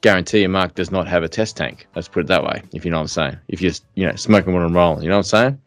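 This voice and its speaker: A man's voice: deep voice, rapid-fire, dry recording. A middle-aged man co-hosting a podcast, talking bluntly in casual chat with lots of fillers and restarts. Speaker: podcast co-host.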